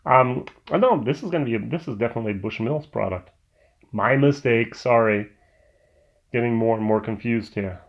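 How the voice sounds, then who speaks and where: Male vlog host, mid-pitched, rambling and filler-heavy, slightly dull recording. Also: normal speed, gravelly. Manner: rambling, full of "um" and restarts. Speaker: host reviewing whiskey. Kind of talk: casual review vlog.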